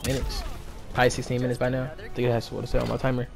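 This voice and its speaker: A man giving excited play-by-play commentary as he plays a fighting game, groaning and exclaiming at every hit. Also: mid-range voice, rapid-fire, gravelly. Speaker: gaming channel host. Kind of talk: live gameplay commentary.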